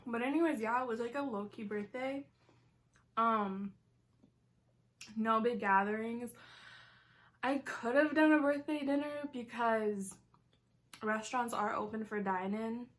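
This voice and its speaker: A woman in her twenties chats through a casual mukbang vlog, eating as she talks. Her voice sits a touch high, and she rambles freely with lots of "like" and giggly asides, close to the camera mic. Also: measured pace, pauses often. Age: 20s. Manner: chatty, says "like" a lot, giggly asides. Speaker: vlogger.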